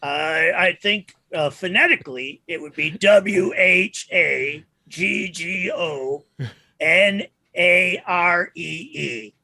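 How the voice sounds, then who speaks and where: A man's voice: high voice, takes it slowly, gravelly, pushed and bright, no echo. A man playing a tabletop game, chatting casually with a dry, joking manner.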